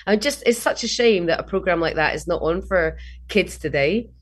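A woman's voice: lowish voice, animated, moderate pace. A middle-aged Scottish woman guesting on a podcast, chatting casually, laughing often and acting out quotes. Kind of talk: casual chat.

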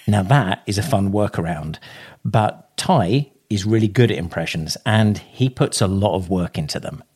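A man's voice: on the low side, expressive, moderate pace, a little mellow, breathy edge. A man hosting an improv podcast, narrating and interviewing in a curious, lightly playful way. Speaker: podcast host.

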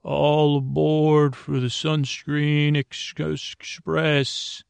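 A man doing a gravelly goofy uncle playing train conductor. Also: a little high, little pitch movement, no echo, heavily acted. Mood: playful announcing. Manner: cheery announcer patter, brisk.

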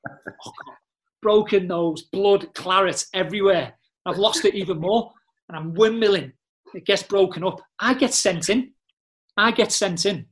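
A man, a former footballer, telling blunt, slang-filled stories in a casual chat. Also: high-pitched. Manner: blunt, swearing, animated storyteller with slang. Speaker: podcast guest, former footballer.

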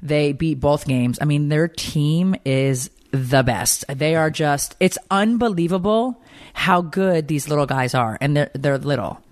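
Man podcast co-host, fairly high voice, chatty rambling storyteller, dry close-mic sound. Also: a little slow, dry recording. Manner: chatty storyteller, restarts and tangents. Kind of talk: casual chat.

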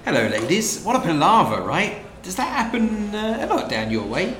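A man's voice: high voice, huge pitch swings, moderate pace, fairly bright tone, a little hiss or hum, pitched above the performer's own voice, exaggerated voice. A man voicing a breezy, polite middle-aged newcomer in a comedy sketch. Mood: friendly. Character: friendly middle-aged man newly arrived from London. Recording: roomy room sound.

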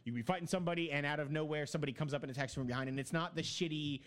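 A man's voice: fairly high pitch, very fast, fairly bright tone. A man in casual chat, telling long rambling stories about a video game with many fillers.

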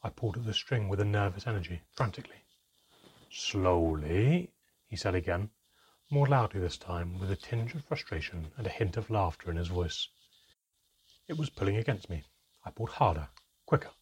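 Narrator: a low-voiced man with a very smooth, resonant tone, reading a story in a measured way. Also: lively intonation. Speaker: audiobook narrator. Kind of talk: scripted narration.

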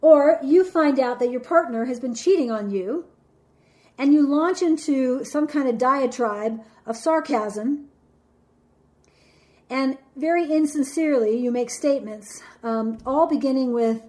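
A woman's voice: high-pitched, measured pace, mellow. A woman giving an instructional talk, explaining step by step and acting out her examples with dramatic flair.

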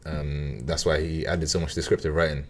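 A man's voice: rumbling low, little pitch movement, fairly quick. A man hosting a book podcast in casual chat, laid-back and hesitant with many fillers. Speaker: podcast host.

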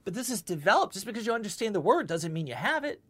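A woman's voice: medium pitch, fast talker. A woman giving a spiritual lecture and answering questions, talking with lots of repeated words and frequent "okay?" checks. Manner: animated, repeats words, often asks "okay?". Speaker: spiritual teacher.

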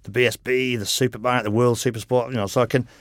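In a mid-range voice with a level tone, a middle-aged motorcycle racer talks fast on a podcast, rambling casually through stories while swearing and laughing often. The studio-quality audio has no room sound.

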